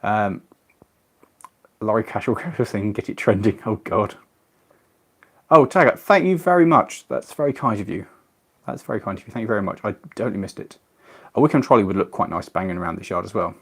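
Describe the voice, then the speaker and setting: A man's voice: fairly low pitch, lively intonation, fairly quick, long pauses, breathy edge. Chatty English man hosting a live stream. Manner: chatty, reads viewer comments aloud, self-deprecating. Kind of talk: casual live-stream chat while model building.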